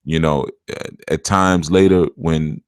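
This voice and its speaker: A man's voice: a bass voice, steady tone, slow pace, smooth, no echo. A middle-aged man, a spiritual teacher, chatting casually on a live stream, reading out viewer comments, laughing often and calling listeners "man".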